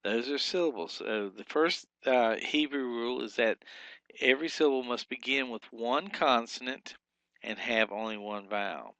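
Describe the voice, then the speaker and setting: A man teaching a recorded lesson, explaining patiently with fillers and slowly drawn-out example sounds. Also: medium pitch, fairly bright tone, no room sound.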